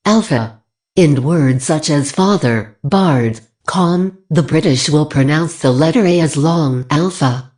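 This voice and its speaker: A text-to-speech woman's voice reading a scripted lecture in an even, read-aloud way. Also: low voice.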